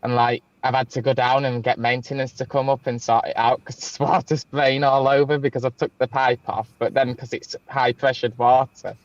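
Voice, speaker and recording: A man's voice: mid-range voice, little pitch movement, normal speed, hardly any pauses, dry recording, muffled recording. A man in casual chat, joking and giggling as he rambles through stories.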